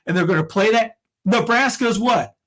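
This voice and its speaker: A man's voice: sits high, moderate pace, a bit bright. A man co-hosting a podcast, talking in a rambling, heated way with many restarts and fillers. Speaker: podcast co-host. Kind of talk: casual opinion chat.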